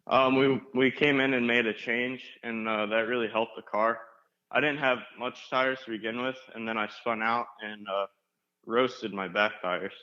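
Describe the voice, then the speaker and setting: A young man, a race car driver, answering interview questions in a flat, composed, low-key way. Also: normal speed, highs cut off. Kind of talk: casual interview.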